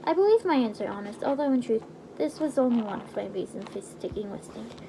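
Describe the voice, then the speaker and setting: High-voiced woman reading aloud. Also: lively intonation, fairly quick, noisy background. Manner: casual, stumbles and restarts over words. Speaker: reader. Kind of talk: reading a game novelization aloud.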